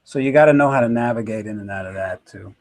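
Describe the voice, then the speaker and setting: A man's voice: lowish voice, fast. A man in his fifties, a touring musician telling a reflective story with many fillers and restarts. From United States.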